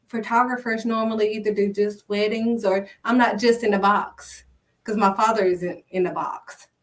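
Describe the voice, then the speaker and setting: A woman's voice: on the high side, a bit bright, recorded from a distance. A woman preaching informally in an emphatic, repetitive, conversational way. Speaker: faith video host.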